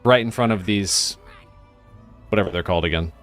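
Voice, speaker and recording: A man's voice: low-pitched, a little fast, a bit bright, soft background music. A man playing a tabletop game who thinks aloud and often restarts his sentences. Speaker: player. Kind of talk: casual tabletop game talk.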